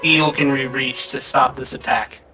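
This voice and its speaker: A man's voice: medium pitch, fairly even intonation, unhurried. A man playing a tabletop game, easygoing and laughing often, with many "um"s. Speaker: player. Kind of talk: casual tabletop game play. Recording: distant mic with faint background music.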